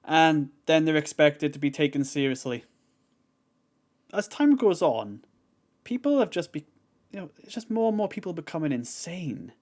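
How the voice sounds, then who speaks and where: A man gives casual commentary over video clips. His voice sits a bit high for a man, and he rambles with many fillers. He sounds exasperated. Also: sing-song, normal speed, a little mellow. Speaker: reaction video host.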